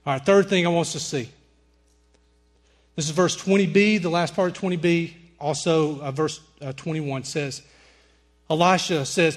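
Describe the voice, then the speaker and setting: A middle-aged man preaching a sermon, telling personal stories and softly quoting the people in them. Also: fairly high pitch, fairly even intonation, moderate pace. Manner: storytelling preacher, quotes people in softer voices. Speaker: pastor.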